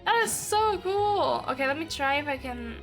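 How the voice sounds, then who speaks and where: A woman streaming a video game, talking casually in an excitable way, swearing freely and laughing often. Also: high voice, normal speed, faint music behind. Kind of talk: casual gaming livestream.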